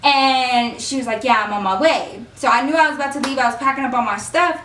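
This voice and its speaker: Young woman vlogger, animated storyteller, bright tone, echoey room recorded slightly off-mic. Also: high voice, fairly quick, far from the mic, a little hiss or hum. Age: young adult. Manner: animated storytelling, acts out quoted dialogue. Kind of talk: storytime vlog.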